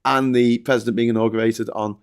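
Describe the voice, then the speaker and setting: A man's voice: mid-range voice, level tone, fast talker, creaky, smooth. A British man hosting a casual panel chat, rambling loosely, swearing and laughing between points. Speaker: host.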